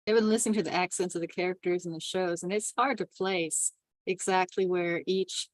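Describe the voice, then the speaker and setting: A thoughtful woman weighs her words in a casual group discussion. Her voice sits a little low and the recording is dry and close. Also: fairly even intonation, brisk, no echo, poor audio. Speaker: table read participant.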